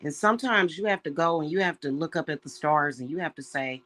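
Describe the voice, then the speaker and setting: A woman's voice: low-pitched, fairly quick, hardly any pauses, a bit bright. A woman speaking as a practicing witch to her audience, earnest and emotional. She sounds close to crying and talks in a casual, heartfelt way, often turning to her viewers as y'all. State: close to tears. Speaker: witch and spiritual reader. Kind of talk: casual spiritual talk to viewers.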